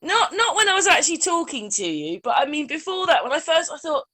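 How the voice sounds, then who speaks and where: High lively woman interviewer. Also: fairly quick. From Essex, England. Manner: teasing, informal. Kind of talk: casual chat.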